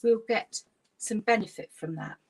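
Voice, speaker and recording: A woman, a laughter yoga leader gently guiding an online exercise class through stretches and breathing. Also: a little high, moderate pace, breathy edge.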